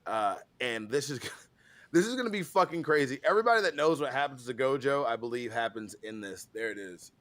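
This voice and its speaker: A tired man co-hosting a podcast in casual chat, excitable and swearing a lot, often trailing off mid-thought. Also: mid-range voice, brisk, no echo. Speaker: podcast co-host.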